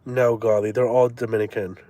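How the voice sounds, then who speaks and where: A man in his twenties chatting live with his viewers. He talks loose and crude and drops slang all the time. His voice sits at an ordinary mid pitch. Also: flat delivery, brisk, warm tone. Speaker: live streamer. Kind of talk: casual chat.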